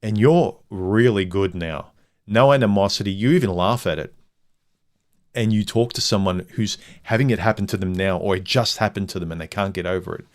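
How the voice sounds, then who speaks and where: A man's voice: sits low, fairly quick. A man hosting a livestream, talking casually and bluntly in a rambling monologue. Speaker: livestream host.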